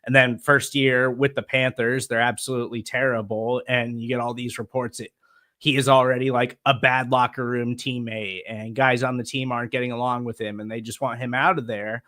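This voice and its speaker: A man's voice: medium pitch, little pitch movement, normal speed, pushed and bright. A man co-hosting a casual sports podcast, laying out analysis steadily and teasing dryly. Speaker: podcast co-host.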